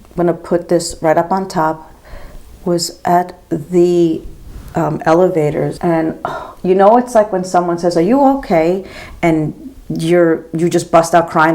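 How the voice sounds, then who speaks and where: Gravelly chatty woman in her fifties. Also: low voice, dark tone. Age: 50s. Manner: gossipy, rambling, says girl and like a lot. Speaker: makeup vlogger and nurse. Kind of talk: casual chatty storytelling while doing makeup.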